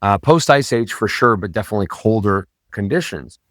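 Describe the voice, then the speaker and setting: A man's voice: lowish voice, expressive, brisk, fairly bright tone, no room sound, clean studio sound. A man hosting a podcast, talking in a casual, rambling way with many fillers and self-corrections. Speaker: podcast host.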